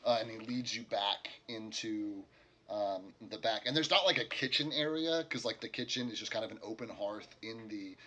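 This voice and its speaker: A man's voice: fairly low pitch, moderate pace, sharp tone. A man narrating a tabletop game as game master, rambling along with many fillers and restarts.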